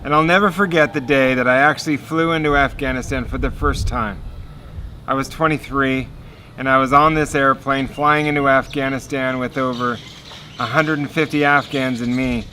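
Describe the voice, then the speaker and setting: Bright-voiced man sharing a testimony. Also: mid-range voice, normal speed, a little hiss or hum. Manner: earnest, animated storytelling with laughs. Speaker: speaker giving a testimony. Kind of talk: sermon testimony storytelling.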